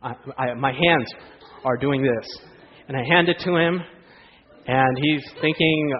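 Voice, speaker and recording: A man preaching a sermon, telling stories in a lively way and asking the audience rhetorical questions. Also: on the high side, normal speed. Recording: dull lo-fi sound in a hall with long reverb.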